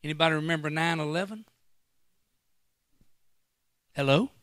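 A man preaching a sermon as a guest pastor in a church, swinging into loud bursts and acting out quotes. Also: a little high, moderate pace, no room sound.

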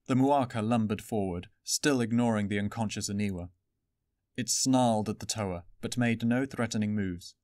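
A man's voice: on the low side, normal speed, dry recording, studio quality. Man reading a fantasy story. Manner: even, steady storytelling. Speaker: narrator. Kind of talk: audiobook fan reading.

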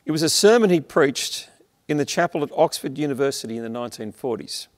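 An Australian male preacher delivers an earnest, emphatic sermon in a fairly high voice. He slows down to stress key phrases and lets his lines trail off softly. His voice carries a long reverb, as if filling a large hall. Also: lively intonation. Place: church, streamed online.

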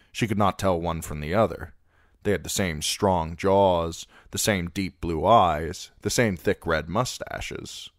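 A man narrating a fantasy novel as an amateur audiobook reader, with steady, even storytelling. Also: sits low, dry recording, clean studio sound.

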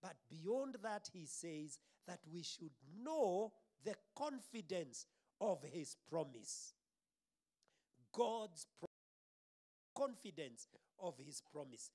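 A man with a Kenyan accent preaching a sermon as pastor, stressing words emphatically and letting phrases trail off softly. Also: high voice, big pitch swings, slow.

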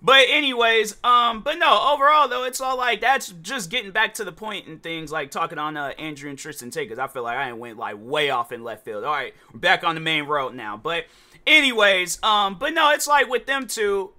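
Young male podcast host, loose rambling delivery, slightly high voice, very bright tone. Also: moderate pace. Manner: rambling, animated storytelling with many fillers. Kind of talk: casual solo podcast talk.

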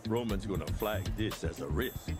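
A man's voice: fairly low pitch, moderate pace, over loud music, natural voice. An actor voicing a wry, sarcastic man in a crime game cutscene.

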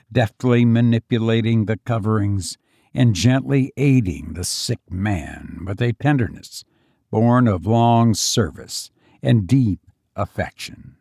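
A man narrating a classic story in a measured, expressive storytelling manner. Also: medium pitch, no room sound, clean studio sound.

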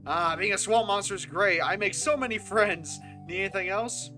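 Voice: mid-range voice, moderate pace, sharp tone, faint music behind, lightly acted. A streamer reading aloud the lines of a friendly, simple-minded male swamp monster who guards a castle. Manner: cheerful, simple-minded chatter. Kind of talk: reading game dialogue aloud.

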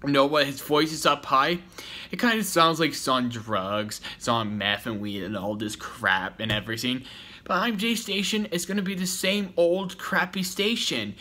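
A man's voice: a little high, pushed and bright. A man giving a rambling, repetitive, confrontational rant to the camera in a vlog. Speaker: YouTuber. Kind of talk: ranting vlog commentary.

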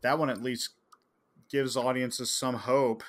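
Male co-host, mid-pitched, relaxed conversational delivery. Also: slow pace, crowd noise. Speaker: podcast co-host. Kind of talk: casual podcast discussion.

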